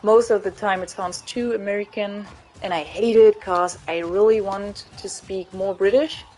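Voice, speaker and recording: A woman's voice: mid-range voice, a little mellow, poor audio. Chatty German woman streaming a game. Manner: chatty, rambling, laughs often. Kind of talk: casual chat while gaming.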